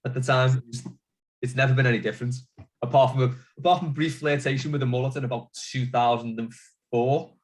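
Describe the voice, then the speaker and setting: A man hosts a relaxed podcast chat, full of joking banter. His voice sits at an ordinary middle pitch, with an easygoing, conversational delivery. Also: a little fast. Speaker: podcast host. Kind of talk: casual chat.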